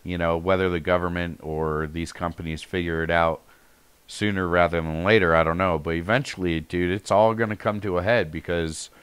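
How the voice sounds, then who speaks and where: A man's voice: low-pitched, fairly even intonation, normal speed, a bit bright, clear, resonant tone, no room sound. A man in a casual podcast chat, blunt and opinionated, swearing freely.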